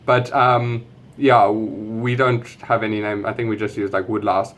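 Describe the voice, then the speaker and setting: A young man with a white South African English accent, chatting casually through an accent tag video in a relaxed, rambling way with lots of fillers. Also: fairly low pitch, moderate pace. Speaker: vlogger.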